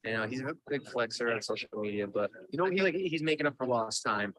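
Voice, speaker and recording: A man with a Staten Island New York accent, chatting on a podcast in a relaxed, rambling, profane way. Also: mid-range voice, quick pace, no room sound, low-quality recording. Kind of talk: casual podcast chat.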